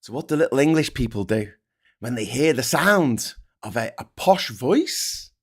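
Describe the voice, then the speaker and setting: A man's voice: medium pitch, sing-song, unhurried, slightly rough. Sardonic, swearing man ranting. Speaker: political commentary vlogger. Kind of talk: ranting political commentary.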